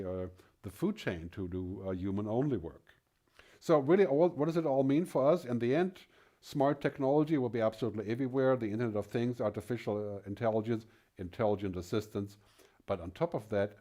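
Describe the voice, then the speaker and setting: A man's voice: lowish voice, warm tone. A middle-aged man giving a conference keynote, emphatic and fond of rhetorical questions. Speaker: keynote speaker.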